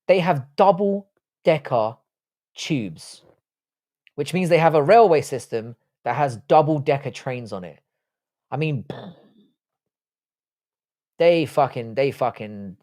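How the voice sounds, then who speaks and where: Hosting a laid-back live stream, this man reads out what viewers type and responds with loose, profane remarks. He speaks in a mid-range voice that's a little mellow.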